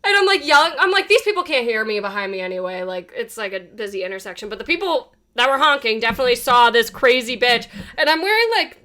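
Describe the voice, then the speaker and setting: A woman, co-hosting a podcast and telling stories with animated, sweary energy. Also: a little high, fast talker, few pauses. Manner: animated storytelling, yells quoted lines, swears freely. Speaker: podcast co-host. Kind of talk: casual chat.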